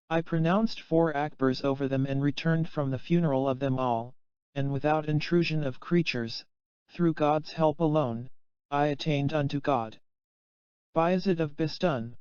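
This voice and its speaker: A man reads a spiritual text aloud in a slow, solemn, measured way. His voice is smooth and sits a little high for a man. The recording is dry and somewhat muffled. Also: a little mellow, no echo. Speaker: audiobook reader. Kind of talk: scripted reading of a spiritual text. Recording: dull, muffled, dry sound.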